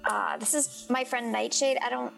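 A woman player talks in character with a rambling, flustered hesitance, trailing off and restarting as she goes. Her voice sits a little high and carries heavy vocal fry. Faint music plays behind her. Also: steady tone, moderate pace, fairly bright tone. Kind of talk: in-character tabletop play.

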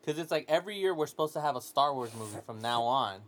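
A man's voice: mid-range voice, animated, fast, a bit bright. A man hosting a podcast in casual chat, rambling with lots of "like" and frequent laughter. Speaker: podcast host.

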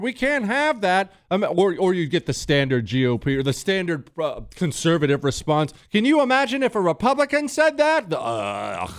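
A man hosting a talk radio show, delivering a forceful, indignant and sarcastic opinion monologue. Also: mid-range voice, no room sound, clean studio sound.

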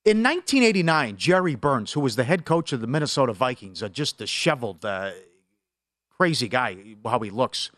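Middle-aged male sports radio host, animated storyteller, lively upper voice, dry studio sound. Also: fairly quick, no echo. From Superior, Wisconsin. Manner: animated storyteller, big pitch swings. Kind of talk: casual sports talk.

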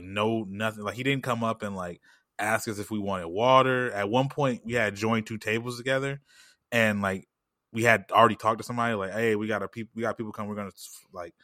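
A man rattles through a casual story at a quick clip, with lots of slang and filler. His voice sits a little low but sounds bright and forward. The sound is dry and close. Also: dry recording. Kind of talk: casual chat.

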